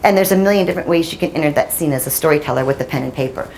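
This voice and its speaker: A woman's voice: low-pitched, rapid-fire, darkish tone, a little hiss or hum. A woman in her forties, a journalist giving a storytelling talk to a room of listeners, chatty and self-deprecating, laughing often. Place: audience room.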